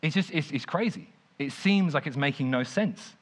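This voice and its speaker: A young man preaching casually, retelling a story in an animated, conversational way with lots of "like". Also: a little high, moderate pace. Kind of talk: informal sermon storytelling.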